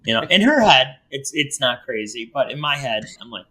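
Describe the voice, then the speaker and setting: Male podcast host, bright tone, loose and jokey delivery. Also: mid-range voice, very animated, normal speed, rough recording. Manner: joking, rambling, teasing his co-host. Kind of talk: casual podcast chat.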